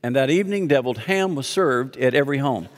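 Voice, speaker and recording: Talking fast in an expressive, medium-pitched voice, a pastor delivers a sermon, reading scripture and guiding call-and-response with joking asides to the congregation. The church sanctuary gives the sound a large hall's long reverb.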